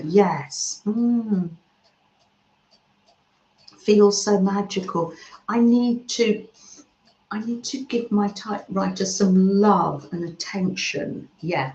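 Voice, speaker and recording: A soft-spoken woman hosting a gentle craft live stream, reading out chat messages and murmuring as she works at home. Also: medium pitch. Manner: soft-spoken, murmurs "mm" often, trails off mid-sentence. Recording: roomy, slightly dull home recording.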